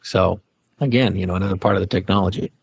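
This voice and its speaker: A man's voice: deep voice, steady tone, fast, gravelly, slightly rough. A middle-aged man, a former game show host, telling stories as an interview guest with many fillers and restarts. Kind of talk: casual interview anecdote.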